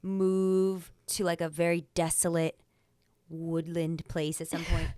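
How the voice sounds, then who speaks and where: A woman's voice: fairly low pitch, completely flat delivery, takes it slowly, dark tone, clear, resonant tone, no echo. A young woman co-hosting a podcast, chatting casually and teasing playfully. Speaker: podcast co-host. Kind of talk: casual chat.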